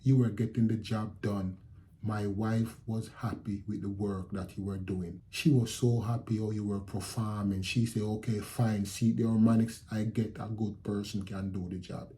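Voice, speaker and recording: A middle-aged Jamaican man telling his viewers a story in a casual, animated way, repeating phrases and acting out what people said. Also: lowish voice. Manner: animated retelling with repeated phrases and quoted speech. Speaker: channel host telling a story.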